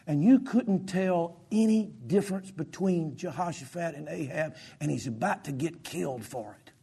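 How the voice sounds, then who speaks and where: A man preaching a sermon as pastor, with impassioned delivery that swings between loud and soft. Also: a little high, lively intonation, moderate pace, creaky, hardly any pauses, husky.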